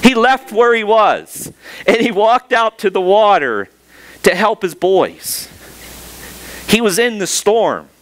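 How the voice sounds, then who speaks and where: A middle-aged male pastor preaching a sermon, telling a personal story and asking the congregation rhetorical questions, slowing down on key words. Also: high-pitched, animated, a bit bright, no room sound.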